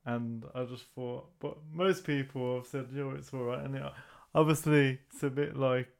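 A man's voice: medium pitch, steady tone, normal speed, vocal fry. A young man, co-hosting a podcast in casual chat, laid-back and slangy as he reasons things out. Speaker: podcast co-host.

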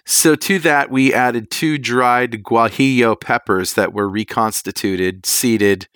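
A man co-hosting a cooking podcast, describing recipes in a rambling, relaxed way and laughing easily. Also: medium pitch, slow pace, smooth, dry recording, clean studio sound. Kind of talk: casual chat.

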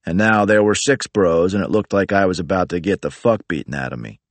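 A man reading a first-person story in a flat, profane, matter-of-fact way. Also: low voice, a little fast, dry recording. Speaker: narrator.

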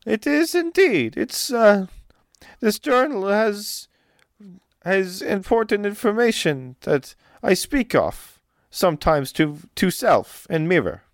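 A woman's voice: medium pitch, big pitch swings, slow pace, dry recording, clean studio sound, voice pushed up. A man voicing a fussy older noblewoman with broken grammar, dramatic and evasive. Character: fussy older noblewoman with thick foreign speech.

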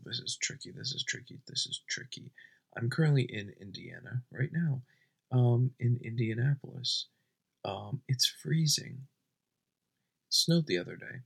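A young man doing a deadpan comedy bit at home at night, rambling and often dropping to a whisper. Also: medium pitch, creaky, husky.

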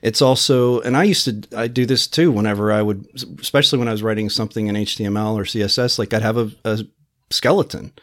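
A man's voice: lowish voice, steady tone, fast talker. A man on a casual podcast explaining a point while thinking aloud. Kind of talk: casual chat.

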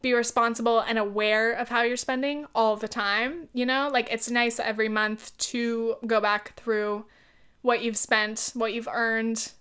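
A woman's voice: a little high, little pitch movement, measured pace, a bit bright, clean tone. A young woman in casual chat as a YouTuber, rambling and filler-heavy, with many ums and likes.

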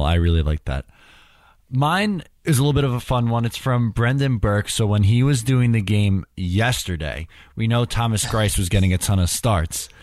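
Deep-voiced young male podcast co-host. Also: no room sound, clean studio sound. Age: young adult. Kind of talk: casual chat.

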